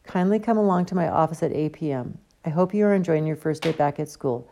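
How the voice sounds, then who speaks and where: A woman's voice: low-pitched, expressive, fast, mellow, a little hiss or hum. Woman reading as a courteous elderly headmaster. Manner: courteous, formal. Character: kindly elderly male headmaster, letter.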